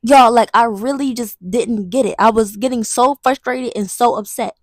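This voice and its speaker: High-voiced animated young woman storyteller. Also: moderate pace, no echo. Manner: animated, dramatic, slangy storytelling. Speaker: vlogger. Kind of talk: casual storytime monologue.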